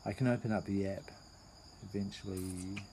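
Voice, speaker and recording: Low-voiced New Zealand man, easygoing. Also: fairly even intonation, moderate pace, dark tone, slight background noise. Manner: easygoing, laughs often, trails off mid-sentence. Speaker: podcast co-host. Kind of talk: casual chat.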